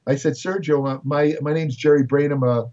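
Telling casual anecdotes, an older Brooklyn-born bodybuilding writer chats along with repeated words, frequent fillers, and restarts. His voice is a little high and a little mellow, fairly even in intonation, and fairly quick. The recording is lo-fi, with him far from the mic.

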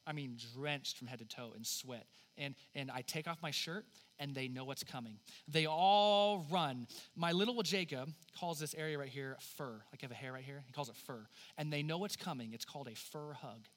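A man with a high, bright, forceful voice preaches a sermon. He is in his thirties and swings between punchy emphasis and hushed, almost whispered lines. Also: moderate pace. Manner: dynamic preaching, dropping to hushed near-whispers for God's words. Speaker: pastor.

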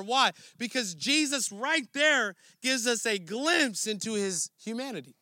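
A man's voice: very high voice, sharp tone, dry recording, studio quality. A man preaching a sermon in a conversational, earnest way, often restarting his phrases. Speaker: pastor.

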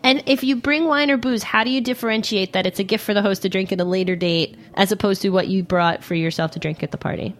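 A woman's voice: mid-range voice, quick pace, few pauses. A woman in her thirties hosting a podcast, chatting casually and laughing often. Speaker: podcast host. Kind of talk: casual chat.

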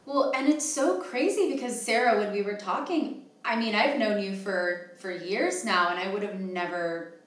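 A woman's voice: mid-range voice, moderate pace, few pauses. A woman in her twenties hosting a casual panel, telling chatty stories full of fillers. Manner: chatty storyteller, many fillers. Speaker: host. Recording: echoey, distant from the mic.

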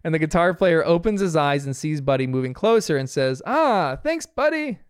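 A man's voice: a little high, fairly quick, a little mellow, clear, resonant tone, no room sound, studio quality. Chatty man recapping a cartoon. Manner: chatty, laughs often while retelling. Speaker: TV episode reviewer. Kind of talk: casual episode recap.

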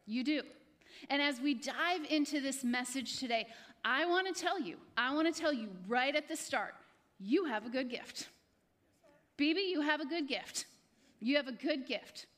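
High-voiced woman preaching a sermon. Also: animated, moderate pace, a bit bright. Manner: repetitive, exhorting, addresses congregation by name. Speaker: pastor. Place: church hall with live congregation.

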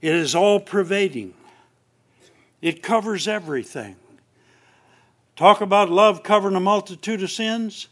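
High-voiced, unhurried male Bible teacher. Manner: swings between emphatic and hushed; reads scripture aloud slowly. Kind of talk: Bible class lecture.

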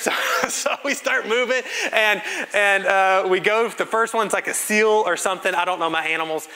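A man's voice: high-pitched, normal speed, hardly any pauses. A man, preaching as a pastor and telling a funny family story with acted-out quotes. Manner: animated, self-mocking storytelling with acted-out quotes. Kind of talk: sermon storytelling. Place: church sanctuary. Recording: reverberant church hall.

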